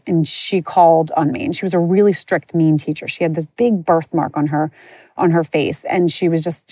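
A woman's voice: lowish voice, a little mellow, dry recording. A woman podcast host telling a personal story in a candid, rambling way, with lots of fillers and restarts. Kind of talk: personal storytelling, casual chat.

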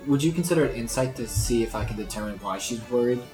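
A man's voice: medium pitch, lively intonation, fast, darkish tone. A man at a tabletop game questions the game master often in a plain mid-range voice. The recording sounds roomy, with faint music behind. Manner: inquisitive, asks many questions.

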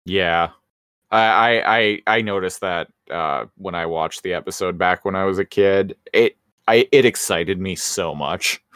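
Man, casual podcast chat, low voice, stammering, dry. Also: a little slow, fairly bright tone, smooth, no echo. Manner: stammering restarts, chuckles. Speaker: podcast co-host.

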